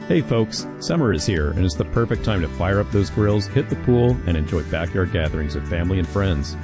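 A man reading a scripted radio ad in an upbeat, friendly sales tone. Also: low-pitched. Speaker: ad voice-over. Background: music bed.

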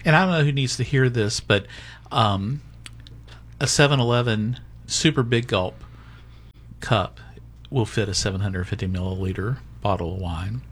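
A man hosting a casual chat show, joking around and talking with many fillers and restarts. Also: lowish voice. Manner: chatty, jokey, halting with fillers. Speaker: host.

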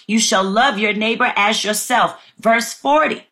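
A woman's voice: fairly high pitch, a little slow, sharp tone. A woman preaching a fervent sermon, reading scripture aloud and calling her listeners family. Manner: fervent, exclaims "my God", addresses listeners as family.

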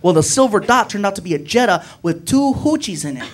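High-voiced man doing stand-up. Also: brisk. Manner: animated, conversational, tags lines with "right?" and "man". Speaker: stand-up comedian. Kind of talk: stand-up storytelling. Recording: noisy live comedy club with audience laughter.

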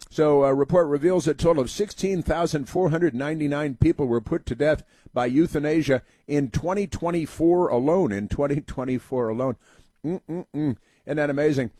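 A man's voice: mid-range voice, a little mellow, no room sound. A man hosting a political talk monologue, sarcastic and rambling, with many fillers and restarts. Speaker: political commentary host.

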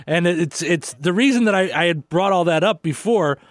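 A man's voice: high voice, normal speed, no room sound, studio quality. A man hosting a radio interview, chatty and conversational as he asks questions. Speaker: radio host.

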